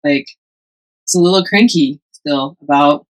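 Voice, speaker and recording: Animated woman telling a personal story. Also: low-pitched, a little slow, rough recording. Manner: animated, acts out quoted voices, laughs often. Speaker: podcast co-host. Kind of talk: casual storytelling chat.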